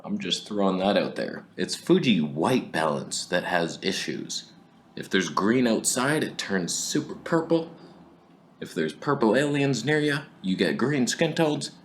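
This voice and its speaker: Sarcastic, animated male camera reviewer. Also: fairly low pitch, a little slow, slight background noise. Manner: sarcastic, swings between whispers and outbursts. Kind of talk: comedic camera review monologue.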